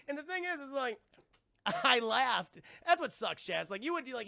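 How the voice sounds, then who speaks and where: A man giving an excitable, profane live-stream film review, talking straight to his chat and acting out scenes. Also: very high voice, moderate pace, creaky.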